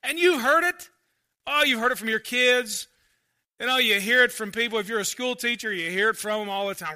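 A male pastor preaching a conversational sermon, swinging between loud emphasis and quiet asides. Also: extremely high pitch, lively intonation, a little fast.

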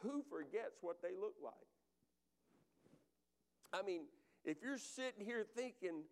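A man's voice: high-pitched, sing-song, measured pace. A man preaching a sermon, talking conversationally to the congregation and repeating phrases for emphasis. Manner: addresses congregation and online viewers directly. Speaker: pastor.

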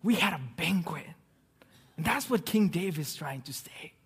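A man preaching a sermon, telling stories with swings from loud excitement to hushed near-whispers. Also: fairly high pitch, moderate pace, creaky, breathy edge. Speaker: pastor. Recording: long reverb of a hall.

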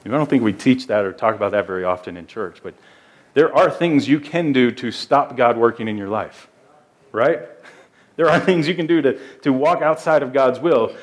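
A man's voice: mid-range voice, moderate pace. Male pastor, mid-range voice, delivering an earnest, emphatic sermon. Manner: earnest, emphatic preaching with repeated words.

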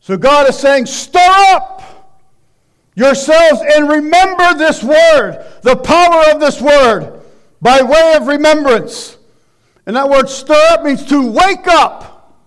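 A man preaching a sermon, loud and emphatic, shouting exhortations and dropping into quiet asides. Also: very high-pitched, slow. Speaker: pastor.

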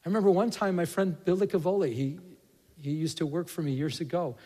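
A man's voice: on the high side, steady tone, brisk, dark tone. A man preaching a sermon in a conversational way that builds to passionate emphasis. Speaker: pastor. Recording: reverberant hall.

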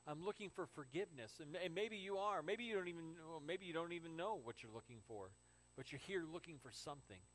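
A male pastor preaching a sermon, telling the story animatedly, ranging from hushed to exclaiming. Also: fairly high pitch, a little fast, poor audio.

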